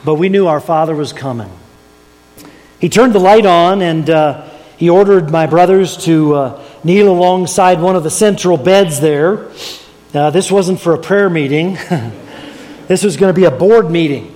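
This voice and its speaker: Older guy preacher telling a story, kinda high voice, folksy, big echoey church. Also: normal speed, darkish tone. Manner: folksy storyteller, chuckles at own jokes. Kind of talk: sermon storytelling. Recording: long hall reverb.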